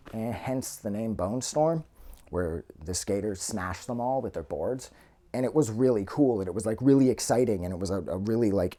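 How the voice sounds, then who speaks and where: A man's voice: lowish voice, dark tone. A man giving a casual spoken movie review, rambling and heavily profane, with loose phrasing full of fillers and restarts.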